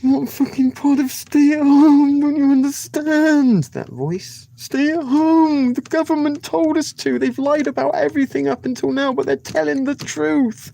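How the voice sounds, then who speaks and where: A man doing a shrill mocking scold, shouting, sarcastic, high-pitched. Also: a little slow, gravelly, few pauses, full character voice. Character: mocking shrill caricature of a stay-home scold.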